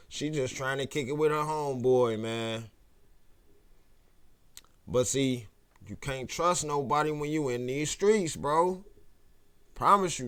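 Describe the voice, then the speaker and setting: A man's voice: medium pitch, fairly bright tone. Slangy man giving street commentary. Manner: slangy, preachy street talk, ends lines with "man" and "bro". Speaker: commentary channel host.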